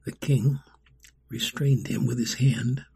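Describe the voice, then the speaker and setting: A man narrates a storybook with a gravelly, very husky voice of middling pitch. He reads dramatically and often drops to a breathy whisper. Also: fairly even intonation, slow, warm tone. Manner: dramatic reading, dropping to a whisper.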